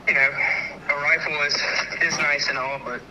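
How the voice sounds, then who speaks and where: A man chats as a podcast guest in a relaxed, easygoing manner, dropping "dude" as he talks. His voice sits at an ordinary middle pitch. A clear hiss of background noise sits under the recording. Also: normal speed, low-quality recording. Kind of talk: casual chat.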